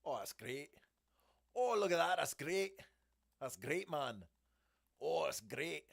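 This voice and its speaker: Chatty, gravelly-voiced male stream host. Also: a little high, lively intonation, slow. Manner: chatty, upbeat, reads viewer comments aloud and jokes with them; mutters to himself while fiddling with his setup. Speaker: livestream host running card breaks and giveaways. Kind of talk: casual live-stream chat.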